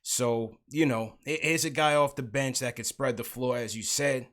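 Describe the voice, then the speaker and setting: A man's voice: mid-range voice, normal speed, a bit bright. A man hosting a sports livestream podcast, talking casually about basketball and calling out chat viewers. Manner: hypes up the chat, greets viewers.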